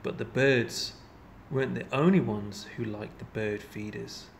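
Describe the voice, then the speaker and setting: A man reading a children's picture book aloud in an expressive, playful storytelling manner. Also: medium pitch, a little slow, vocal fry, slight background noise. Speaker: storybook reader.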